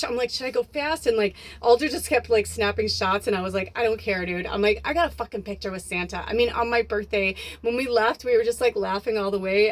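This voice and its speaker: A woman vlogging into her phone, a spiritual medium telling a long story in casual chat, swearing freely and acting out the dialogue. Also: mid-range voice. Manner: chatty, swears freely, acts out quoted dialogue.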